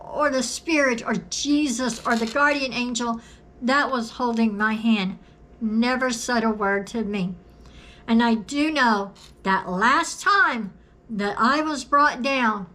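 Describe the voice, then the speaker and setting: A woman speaks straight to her viewers, telling her story slowly and earnestly. Her voice sits a little high and sounds bright and clear. She leans on repeated phrases for emphasis, with a cough now and then. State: coughing at times. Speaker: video creator sharing a personal story. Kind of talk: personal testimony to camera.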